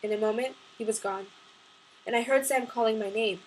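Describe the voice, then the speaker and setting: A woman's voice: a little high, fairly even intonation, fairly quick, darkish tone, a little hiss or hum, rough recording. A woman reading aloud from her own novel, chatting casually with ums before she begins. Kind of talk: audiobook-style chapter reading.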